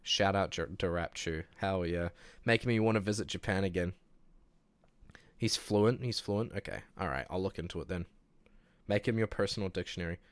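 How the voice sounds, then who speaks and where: A young man with a New Zealand accent, chatting casually on a livestream and reading chat aloud, relaxed, laughing easily and restarting his sentences. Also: low-pitched, normal speed, clear, resonant tone, no echo. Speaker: streamer.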